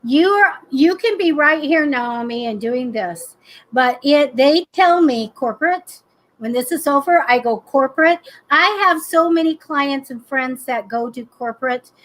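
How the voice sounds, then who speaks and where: A woman hosting a live psychic chat show, telling stories in a chatty, animated way. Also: high-pitched, measured pace, low-quality recording. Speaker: psychic host. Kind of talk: casual live-stream chat.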